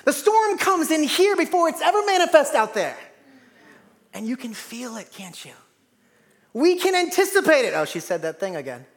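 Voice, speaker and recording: A man preaching a sermon in a church, dynamic, swinging from loud to hushed. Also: extremely high pitch, very animated, normal speed, gravelly, big-room sound. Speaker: pastor. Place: large church hall.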